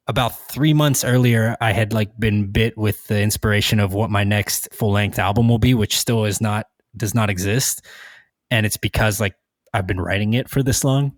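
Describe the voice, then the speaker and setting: A man's voice: mid-range voice, no room sound, studio quality. A man hosting a podcast in casual chat, rambling with many restarts and fillers. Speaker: podcast host.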